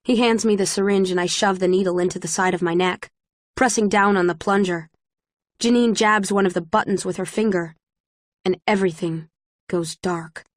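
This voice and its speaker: A woman reading a novel aloud in first person, in a steady, measured way. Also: mid-range voice, dry recording, clean studio sound. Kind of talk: first-person audiobook narration.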